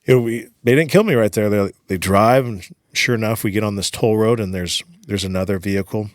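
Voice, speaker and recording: A man's voice: fairly low pitch, brisk, no echo, clean studio sound. A man, a podcast guest, telling his story in casual chat, swearing freely and acting out the lines of people in it. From United States. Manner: profane, animated retelling full of quoted dialogue.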